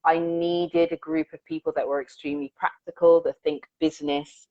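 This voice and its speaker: A woman guest on an interview, talking about her music in a reflective, earnest way and acting out the lines she quotes. Her voice sits fairly low. The audio is dull and dry, like a remote call. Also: steady tone, moderate pace, dry recording. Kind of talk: conversational interview storytelling.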